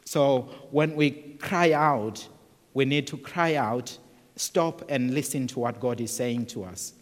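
A male preacher delivers a sermon at an unhurried pace. He speaks earnestly, repeating words and restarting phrases as he goes. His voice carries a long reverb, as though heard in a large hall. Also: mid-range voice.

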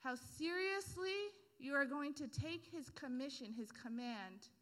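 A woman's voice: sits high, animated, measured pace, fairly bright tone. A woman preacher giving a casual, humorous sermon full of everyday analogies and slang.

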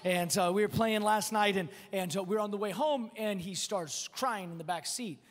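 High-voiced pastor preaching in a reverberant hall. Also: male voice, normal speed. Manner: repeats words when restarting, self-deprecating humor. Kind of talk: sermon. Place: church auditorium. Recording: long reverb in a large church hall.

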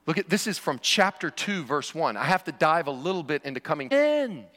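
Pastor, man, informal preacher who jokes with the room; sharp, bright tone. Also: a little high, sing-song, a little fast. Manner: conversational preaching with joking asides. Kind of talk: sermon. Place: church sanctuary. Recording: long reverb of a large hall.

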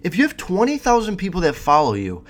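A man's voice: high voice, huge pitch swings, fast. A young man giving a rambling, profane, cocky monologue to his viewers, full of restarts and asides. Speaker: vlogger. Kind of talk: casual monologue to camera.

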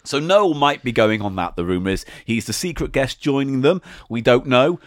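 Brief: male host, animated pitch, joking and swearing, dry close mic. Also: normal speed, dry recording. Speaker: podcast host. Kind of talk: casual chat.

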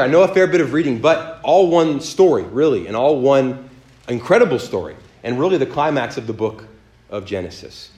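A man leading a sermon as pastor, reading scripture aloud slowly and then preaching in a lively, joking way. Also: fairly low pitch.

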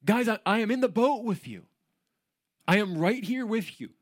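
A man voicing Jesus as a calm, reassuring figure who pleads gently with frightened followers. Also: high voice, moderate pace, voice pushed up.

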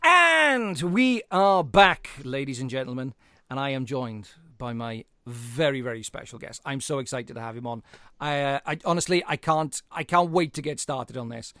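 Guy hosting a movie podcast, excited and rambly, dry close sound. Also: mid-range voice, moderate pace, dry recording. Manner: enthusiastic, rambling. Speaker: podcast host. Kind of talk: casual film chat.

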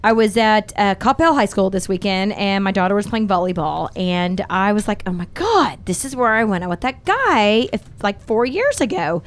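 A middle-aged woman hosting a podcast, telling a candid, profane dating story in animated casual chat. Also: medium pitch, moderate pace, hardly any pauses. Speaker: podcast host.

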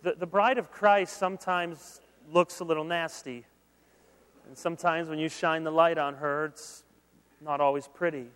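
A man preaching in a large hall, his slightly high voice carrying with a long reverb. He talks in an animated, conversational way, joking with the crowd, then turning earnest. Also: normal speed, smooth. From Michigan, USA. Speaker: pastor. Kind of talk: sermon.

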